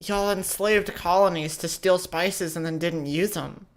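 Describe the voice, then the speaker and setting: A woman's voice: on the low side, steady tone, unhurried. A woman from the United States co-hosting a podcast in casual, profane, joking chat. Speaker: podcast co-host.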